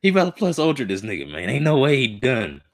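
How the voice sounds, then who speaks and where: A man's voice: medium pitch, wildly swooping pitch, fast talker. A man streaming a live reaction to a comic chapter. He talks casually and emotionally in slang, muttering to himself as he reads.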